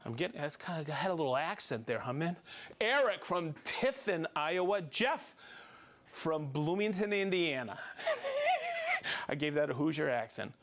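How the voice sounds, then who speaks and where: A man with a high, bouncing voice hosts a live stream and rattles off viewers' names and hometowns. He sounds upbeat and playful. His pitch leaps around as he talks. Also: wildly swooping pitch, fairly bright tone. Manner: upbeat, playful, reads names and places quickly. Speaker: host.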